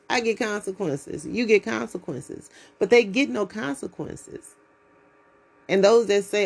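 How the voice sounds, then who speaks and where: A woman from the United States hosts her own podcast. She talks bluntly and preaches, with plenty of profanity, in a voice of middling pitch. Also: measured pace, pauses often, darkish tone, slightly rough. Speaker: podcast host. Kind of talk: blunt solo podcast monologue.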